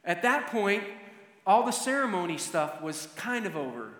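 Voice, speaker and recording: A man's voice: high-pitched, big pitch swings, moderate pace, fairly bright tone. A man telling a story to teach, acting out the scene vividly. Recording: echoey hall with long reverb.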